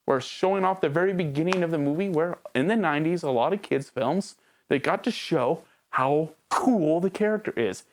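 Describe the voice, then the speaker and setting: A woman's voice: low voice, normal speed, a little mellow, slight background noise. A woman reviewing a movie in a casual video, talking straight to the viewer with sarcastic rhetorical questions.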